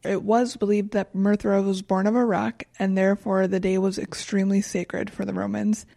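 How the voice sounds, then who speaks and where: A young woman calmly walks through her research in a casual chat, matter-of-fact with a dry wit. Her tone is mellow and warm, and the recording is close and dry. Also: mid-range voice, normal speed, gravelly, no echo. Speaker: podcast co-host presenting research. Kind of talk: casual chat, reading facts.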